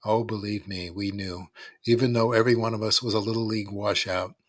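A man with a low voice reads a first-person story aloud, wry and dry in how he tells it. The sound is close and dead, with no room around it. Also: fairly even intonation, brisk, no room sound. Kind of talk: scripted first-person narration.

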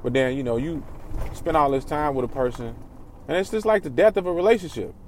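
A man with a fairly high, brisk voice vlogs candidly about his feelings, with a little hiss or hum on the track. He rambles, swears, and keeps restarting his sentences.

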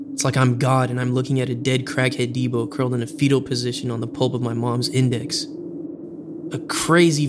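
A man narrating a scripted comic story as the host, delivered in a dramatic, deadpan way with bits of rhyme. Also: mid-range voice, a little hiss or hum.

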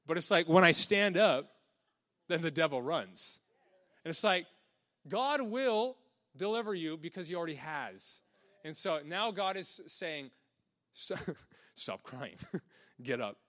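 A man preaching a lively sermon, animated, often laughing and acting out little voices. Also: a little high, unhurried.

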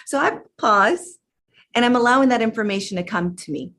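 Hypnotherapist lady chatting to her viewers, kinda high voice, emphatic, stops to collect her thoughts. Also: lively intonation, a bit bright. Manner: chatty and emphatic, addresses listeners directly; pauses to gather thoughts. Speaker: channeling hypnotherapist. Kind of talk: casual talk to viewers.

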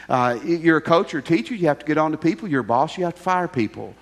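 Brief: male pastor, humorous, emphatic sermon, lively pitch swings. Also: quick pace, long reverb tail.

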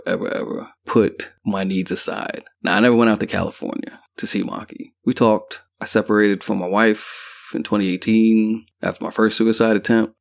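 A man's voice: sits low, vocal fry, no room sound. A man hosting a podcast, telling a personal story in a candid, profane, conversational way. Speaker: podcast host.

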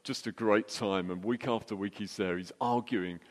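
A middle-aged man telling a jokey, anecdotal story as a church speaker, with quick restarts. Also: on the low side, fairly even intonation. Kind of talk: storytelling sermon. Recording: long hall reverb.

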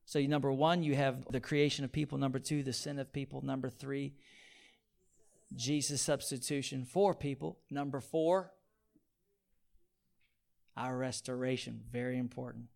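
A man preaching a sermon, asking his listeners for amens and swinging between hushed, near-whispered points and loud, pleading repetition. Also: mid-range voice, fairly even intonation, moderate pace, vocal fry, long pauses. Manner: call-and-response, asking the audience for amens.

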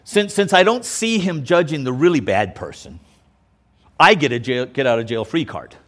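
A man's voice: mid-range voice, sing-song, normal speed, a bit bright. A male pastor preaching a sermon in an emphatic, conversational way. He often stops to check in with the listeners.

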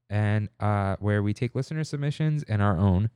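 A man's voice: on the low side, measured pace, gravelly, smooth, soft background music. A young man co-hosting a podcast, chatting casually and rambling through stories with quoted voices. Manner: rambling storyteller, animated quoting. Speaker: podcast co-host. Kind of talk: casual chat.

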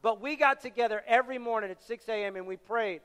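A young man preaching a sermon, telling stories with animated shouted bursts. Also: very high-pitched, quick pace, smooth. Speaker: pastor. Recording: reverberant hall.

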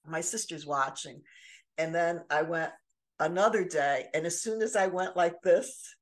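A woman's voice: lowish voice, a little slow. Older woman telling earnest stories. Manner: storytelling, earnest, many restarts. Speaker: podcast co-host. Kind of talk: casual chat.

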